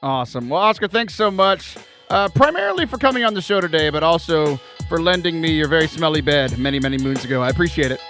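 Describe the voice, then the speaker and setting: A man hosting a podcast with casual, teasing banter and deadpan jokes. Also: on the high side, fast, music in the background. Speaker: podcast host.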